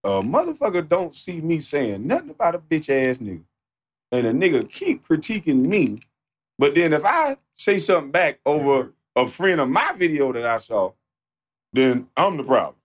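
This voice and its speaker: A man streaming live, ranting off the cuff in a profane, mocking, animated way that sometimes turns to shouting. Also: a little high, moderate pace. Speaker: livestreamer. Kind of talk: off-the-cuff livestream rant.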